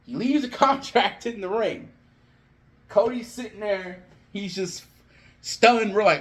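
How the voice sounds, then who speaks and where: A young man with a slightly high voice talks through an imagined storyline in a relaxed, chatty way. He gets animated, slipping into quick spoken bits for each character as he narrates. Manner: animated, acts out characters' lines in quotes. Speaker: wrestling fan video host. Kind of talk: casual fantasy-booking storytelling.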